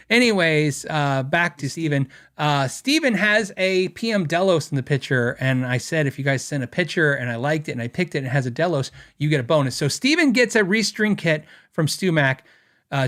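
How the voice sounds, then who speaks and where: A man's voice: on the high side, a little fast. Chatty man hosting a podcast. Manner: chatty, laughs often, voice jumps up when excited. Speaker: podcast host. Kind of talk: casual livestream chat.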